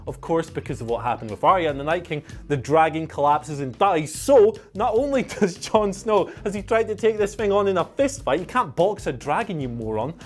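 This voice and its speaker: Male panelist, sarcastic banter, light music bed. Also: high-pitched. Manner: mocking, jokey banter with laughs. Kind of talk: casual chat.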